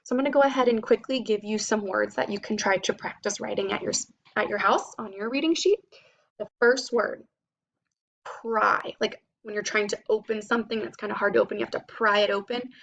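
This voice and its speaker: A woman teacher giving a phonics lesson to children, spelling out sounds slowly and clearly. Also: mid-range voice, fairly bright tone, lo-fi sound.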